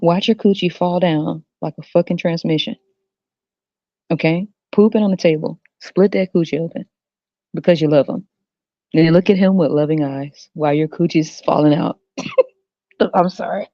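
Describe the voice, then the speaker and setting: A woman's voice: low-pitched, fairly even intonation, moderate pace, pauses often, dry recording. A woman hosting a podcast, ranting crudely and profanely to her viewers and breaking into laughter often. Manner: addresses viewers directly. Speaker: podcast host. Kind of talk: solo ranting monologue. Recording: dull dry lo-fi recording.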